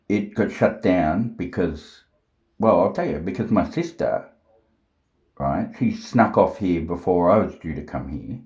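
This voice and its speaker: A man talking slowly to camera at home, thinking aloud with many fillers and restarts, blunt and sometimes profane. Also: low voice, darkish tone, echoey room. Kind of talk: unscripted monologue to camera.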